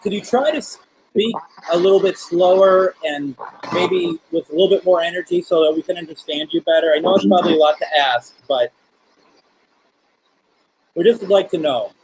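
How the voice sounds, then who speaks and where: A man's voice: high voice, normal speed, a little mellow, a little hiss or hum, poor audio. A man hosting a live spirit box session, patiently and politely coaxing spirits to talk to him. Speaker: paranormal livestream host.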